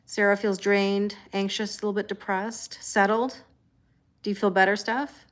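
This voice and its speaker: A woman's voice: medium pitch, flat delivery, normal speed. A middle-aged woman hosting a casual tarot live stream at home, chatting and greeting viewers by name, laughing often. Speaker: tarot reader livestream host.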